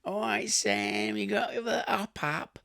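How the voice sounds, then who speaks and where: A man doing a high, drawn-out impression of a cheerful Cockney labourer who keeps nagging him. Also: very animated, creaky, sharp tone, no echo, clean studio sound, full character voice. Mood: needling.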